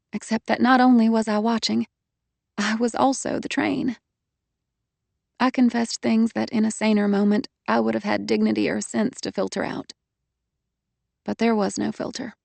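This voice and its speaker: A woman reading a first-person audiobook in a quiet, halting way. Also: mid-range voice, gravelly, no echo. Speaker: audiobook narrator.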